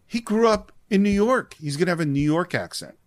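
A man co-hosting a casual film podcast, walking through scenes and explaining them like a storyteller. His pitch moves in a lively, expressive way. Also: brisk. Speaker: podcast co-host. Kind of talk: casual chat about a film.

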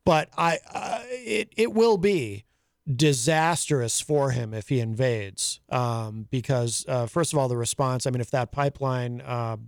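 A man on a talk radio show giving his view in a measured, reflective way. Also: mid-range voice, clear, resonant tone, dry recording, studio quality. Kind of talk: casual political talk.

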